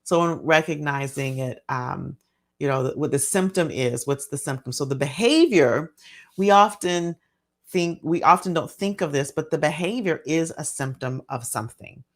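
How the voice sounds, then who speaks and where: A woman's voice: low-pitched, expressive, normal speed. A middle-aged woman, a physician and parenting speaker, explaining a behavior model in a casual teaching talk. She works through her points step by step, with plenty of fillers.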